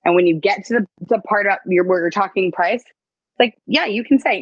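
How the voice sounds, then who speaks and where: A blunt woman lays down sales rules with emphatic, profane force. Her mid-pitched voice comes through dry and close, with a slightly dull, muffled tone. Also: moderate pace, husky, no echo. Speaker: sales coach. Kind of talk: casual coaching chat.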